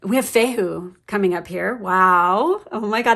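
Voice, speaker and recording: A woman's voice: medium pitch, animated, unhurried, fairly bright tone. A woman giving a casual, emotional tarot reading, chatty with lots of fillers and the odd swear word. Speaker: tarot reader.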